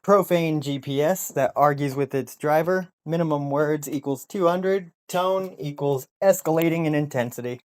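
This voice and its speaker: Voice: mid-range voice, moderate pace, few pauses, a little mellow. A tutorial host talking casually and wryly, reading out typed commands. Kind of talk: casual screen-recorded tutorial.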